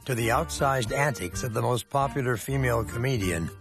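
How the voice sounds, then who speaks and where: A man's voice: medium pitch, a little fast, over music. A man giving scripted, polished documentary narration.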